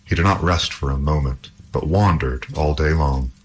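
A man reading a fairy tale aloud in an expressive, measured storytelling manner. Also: extremely low pitch, slight background noise.

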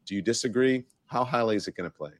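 A man's voice: medium pitch, fast, dry recording. A man hosting a news talk interview, speaking in a loose, conversational way. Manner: conversational, loose, restarts sentences. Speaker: host.

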